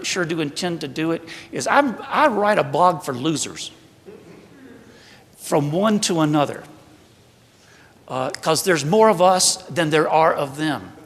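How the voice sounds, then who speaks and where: A man's voice: a little high, fairly bright tone. A man with a Southern American accent gives a conversational sermon as a priest at a church retreat, preaching in a humorous, self-deprecating way. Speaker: priest giving a retreat talk. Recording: long church hall reverb.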